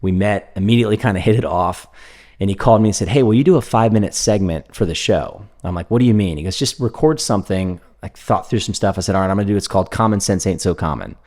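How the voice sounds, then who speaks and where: A middle-aged man hosting a podcast, telling stories in a casual, animated way and laughing often. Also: deep voice, fast. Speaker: podcast host. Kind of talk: casual conversational interview. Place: podcast studio in an office.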